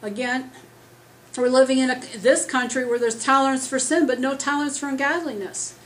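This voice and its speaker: Woman preacher, slightly high voice, hoarse, emphatic and rambling, loud with no microphone, faint noise behind. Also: steady tone, a little fast, low-quality recording. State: losing her voice. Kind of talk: conversational sermon. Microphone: speaking loud without a microphone.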